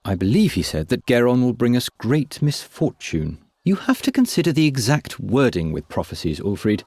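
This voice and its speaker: An actor playing a mocking, condescending young village bully in a video game. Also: male voice, medium pitch, sing-song, moderate pace, a little mellow, breathy edge, dry recording. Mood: scheming.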